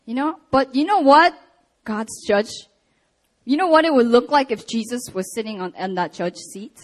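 A young woman preaching a sermon and telling a personal story, animated with laughs and acted-out quotes. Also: on the high side, normal speed.

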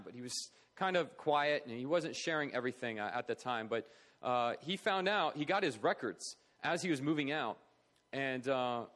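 A middle-aged man, earnest and conversational, recounts a personal story at a charity talk. His pitch sits in an ordinary middle register, and his delivery feels plain and sincere. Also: fairly bright tone. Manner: earnest, conversational, acts out quoted voices. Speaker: charity speaker.

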